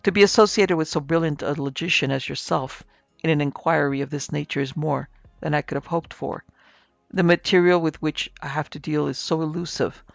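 A man doing a calm, formal Victorian investigator. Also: on the high side, vocal fry, dry recording. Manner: measured, formal. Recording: slightly muffled with soft music.

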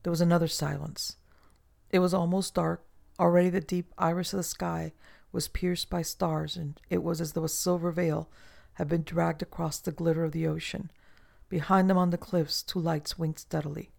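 A man narrating a novel in a measured, literary reading style. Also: fairly high pitch, flat delivery, creaky, darkish tone. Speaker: audiobook narrator. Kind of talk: scripted narration.

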